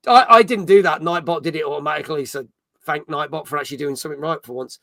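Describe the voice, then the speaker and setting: A man's voice: on the high side, fast talker, gravelly, a bit bright, no room sound. A middle-aged man hosting a casual gaming stream, chatting and reading out viewer comments. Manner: chatty, reads chat comments aloud, jokey. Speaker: podcast host. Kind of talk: casual live-stream chat.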